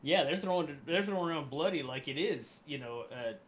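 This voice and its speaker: A man with a slightly higher voice talks animatedly in casual chat, mimicking people for a laugh. A faint noise hums behind him. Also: expressive, fairly quick, a bit bright.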